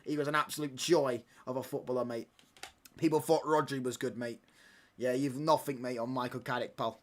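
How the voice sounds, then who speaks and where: A cheeky young man with a mid-range, slightly bright voice streams a football watch-along, chatting casually and live over the match. He banters and teases, laughs often, and tags his lines with "mate" and "pal."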